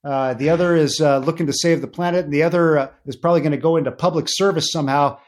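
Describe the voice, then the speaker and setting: A middle-aged man, a podcast guest, telling family anecdotes in a casual interview, animated and full of fillers. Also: fast. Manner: animated anecdotes with many fillers, rising pitch when excited.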